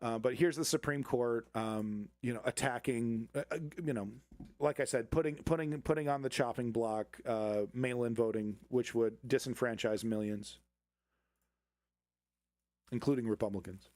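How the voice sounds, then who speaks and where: A man's voice: mid-range voice, moderate pace, a little mellow, no echo. A man hosting a live political commentary show, talking casually and sarcastically, rambling with restarts and frequent laughs.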